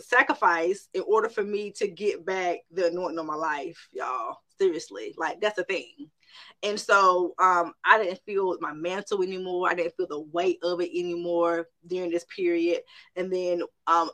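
A woman's voice: on the low side, pushed and bright. A middle-aged woman who runs a private practice, giving a personal faith testimony in an emphatic way, repeating phrases and often turning straight to her listeners.

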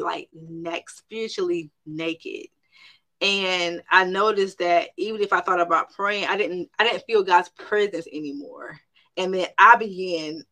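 A woman's voice: fairly low pitch, pushed and bright. A middle-aged woman who runs a private practice, giving a personal faith testimony in an emphatic way, repeating phrases and often turning straight to her listeners.

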